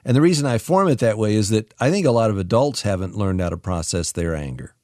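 A man with a low voice co-hosts a radio talk show. He speaks in a measured, reflective way, and the studio sound is dry. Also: expressive, a little mellow, dry recording. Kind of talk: interview talk.

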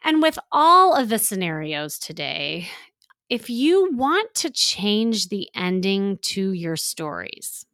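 A woman hosting an advice podcast, talking in a relaxed coaching tone full of "you know" and "like". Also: medium pitch, takes it slowly, dry recording, studio quality. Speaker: podcast host and dating coach.

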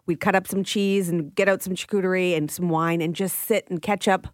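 A woman's voice: lowish voice, steady tone, a little fast, no echo, studio quality. A woman co-hosting a podcast, chatting and telling stories with frequent laughs. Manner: chatty storyteller, laughs often. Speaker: podcast co-host. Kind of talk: casual chat.

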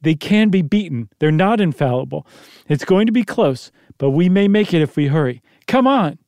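A man's voice: a little high, animated, normal speed, dark tone, no room sound. A man reading the part of an urgent, commanding father who barks orders, in a story read aloud.

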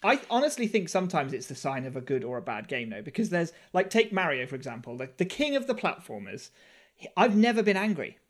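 A man's voice: a little high, very animated, a little fast. A man co-hosting a podcast, chatting in a rambling, self-deprecating way with fillers. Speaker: podcast co-host. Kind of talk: casual chat.

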